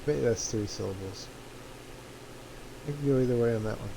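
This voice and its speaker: A man's voice: medium pitch, moderate pace, vocal fry, background noise. Laid-back man rambling over a game. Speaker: streamer playing a flight simulator. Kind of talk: casual gameplay commentary.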